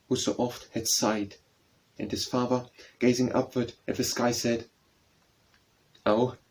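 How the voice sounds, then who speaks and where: A man reads narrative poems aloud for an audiobook in a measured verse recitation. His pace is very slow and deliberate, his pitch sits in a middle range, and his voice carries a husky, breathy texture. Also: a little mellow, low-quality recording. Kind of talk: audiobook poetry reading.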